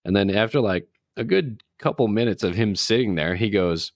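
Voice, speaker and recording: A man's voice: lowish voice, animated, moderate pace, no echo, studio quality. A man co-hosting a casual chat, telling an anecdote and laughing often. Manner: storytelling, laughs often, acts out voices in anecdotes. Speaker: podcast co-host.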